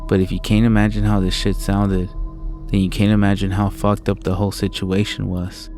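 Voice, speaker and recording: A man narrating a first-person horror story in a low, steady storytelling manner, swearing often. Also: normal speed, faint music behind.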